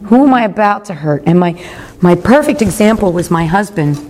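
A woman's voice: fairly low pitch, expressive, a little fast, a little mellow. A woman in her fifties giving a candid, reflective personal talk at a recovery meeting, speaking openly about her own faults. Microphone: recorded talk.

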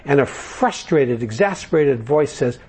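Speaking to a recovery group, a man with a medium-pitched, animated voice takes his time telling jokes and stories. His delivery is loose and conversational, full of fillers, and there's noise in the background.

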